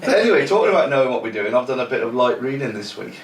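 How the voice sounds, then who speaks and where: A man's voice: medium pitch, big pitch swings, very fast. A man co-hosting a casual podcast, sounding bunged up with a cold and laughing easily with his friends. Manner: laid-back, laughs easily, reads passages aloud. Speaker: podcast co-host. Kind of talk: casual chat. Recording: echoey room, distant mic, faint noise.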